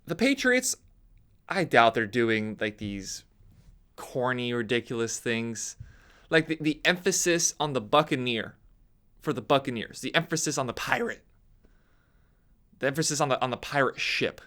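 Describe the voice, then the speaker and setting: Animated, bright-voiced young man ranting. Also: medium pitch, normal speed. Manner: animated, ranting, voice leaps up when mocking others. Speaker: sports commentator. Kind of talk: opinionated sports talk monologue.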